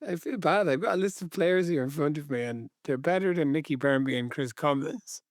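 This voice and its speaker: A man's voice: fairly high pitch, fairly quick, dry recording, studio quality. A man co-hosting a football podcast, chatting in a laid-back way with wry teasing. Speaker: podcast co-host. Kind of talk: casual football chat.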